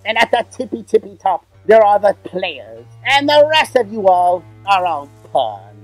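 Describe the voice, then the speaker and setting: Skeletal demon villain, sneering, cackling, high voice, dry sound. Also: male voice, very animated, unhurried, dry recording, soft background music, rough recording. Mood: ranting. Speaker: comedy ranter. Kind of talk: in-character comedic rant.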